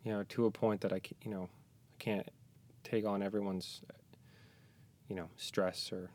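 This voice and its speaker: Tired, soft-spoken man, low voice. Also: level tone. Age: young adult to middle-aged, a parent. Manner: soft-spoken, halting, reflective with joking asides. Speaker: podcast guest. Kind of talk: casual podcast chat. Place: small closet studio.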